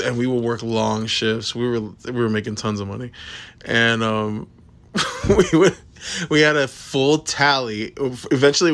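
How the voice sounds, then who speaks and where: A man casually telling a story, laughing as he goes and swearing freely. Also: mid-range voice.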